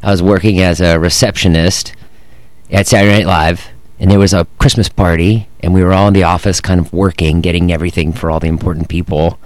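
Low-voiced man telling dry anecdotes. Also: level tone, brisk, darkish tone, no room sound. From Boston, US. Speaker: guest. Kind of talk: casual chat, storytelling.

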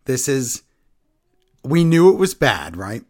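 A man co-hosting a wrestling podcast in casual chat, animated and rattling off news in quick bursts. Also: medium pitch. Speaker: podcast co-host.

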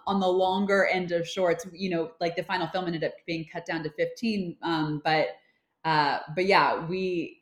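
A woman in her thirties, a film producer chatting as an interview guest, talking casually with many fillers and restarts. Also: on the low side. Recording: roomy echo.

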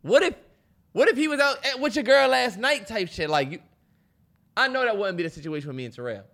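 A lively man with a high, bright voice that swings widely in pitch. He co-hosts a casual podcast and acts out voices as he tells stories. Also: a little fast. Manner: animated, laughs loudly and acts out quotes. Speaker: podcast co-host. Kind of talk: casual chat.

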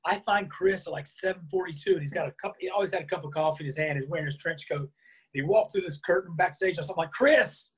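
A man being interviewed, telling a lively anecdote and acting out the lines of the people in it. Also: on the high side, fast talker, breathy edge. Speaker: interview guest. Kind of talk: storytelling in a conversation.

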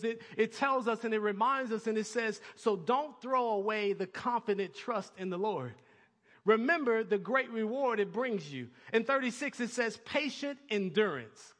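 Male pastor, high and bright, preaching with call-and-response, big reverberant church hall. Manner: call-and-response preaching, building to excited peaks. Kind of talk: sermon.

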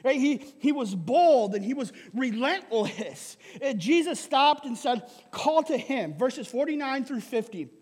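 High-voiced pastor preaching in a reverberant hall. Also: male voice, unhurried, few pauses, slightly rough. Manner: lively, repeats "right?" and laughs often. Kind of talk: sermon. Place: church hall.

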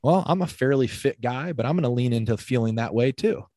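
A young man coaching fitness talks in an upbeat, rambling way, peppering his points with "like". His voice is mid-pitched and the sound is dry and close. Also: a little fast, dry recording. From Midwest United States. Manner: energetic, heavy use of "like". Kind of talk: casual podcast conversation.

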